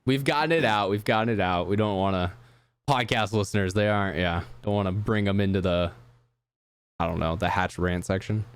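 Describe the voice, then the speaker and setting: A man's voice: lowish voice, a little fast, clear, resonant tone, no echo. A man hosting a podcast in casual chat, laughing often and steering the conversation. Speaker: podcast host.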